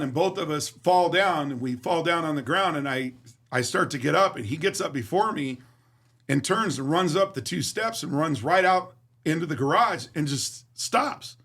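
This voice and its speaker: A man's voice: fairly high pitch, a bit bright. A man being interviewed, telling a story in a vivid, profane way and acting out the dialogue. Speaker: interview guest. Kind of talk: casual storytelling.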